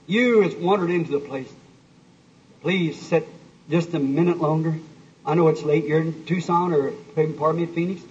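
A man's voice: a little high, distant mic. A man preaching an altar call to a church crowd, pleading and breaking into a hymn between his appeals. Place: church hall with live audience. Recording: muffled old recording, faint hiss.

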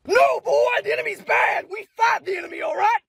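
A woman's voice: very high-pitched, fairly quick, creaky, fairly bright tone, dry recording, shouting, exaggerated voice. A woman voicing a war-crazed male drill sergeant who bellows and barks orders, with crowd noise behind her. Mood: bellowing.

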